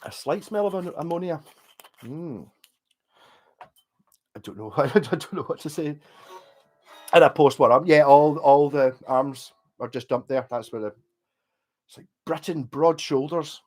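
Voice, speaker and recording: Scottish male streamer, fairly high-pitched, casual sweary ramble. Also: darkish tone. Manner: sweary, rambling, quick to laugh. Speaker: livestreamer. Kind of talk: casual rambling livestream chat.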